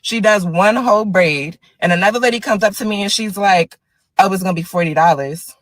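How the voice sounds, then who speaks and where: A woman's voice: mid-range voice, fairly quick, no room sound, low-quality recording. A woman retelling a bad salon visit in an agitated, indignant, detailed way. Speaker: salon customer. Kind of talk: upset storytelling vlog.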